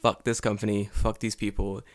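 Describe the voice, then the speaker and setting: A man's voice: on the low side, level tone, normal speed. A young man, co-hosting a podcast in casual chat, swearing a lot and mocking people in put-on voices. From United Kingdom. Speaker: podcast co-host.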